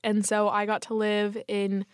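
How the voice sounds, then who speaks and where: A woman's voice: mid-range voice, monotone, measured pace, clear, resonant tone, no echo, studio quality. A young adult woman hosting a podcast, upbeat and giggly in casual chat. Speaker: podcast host.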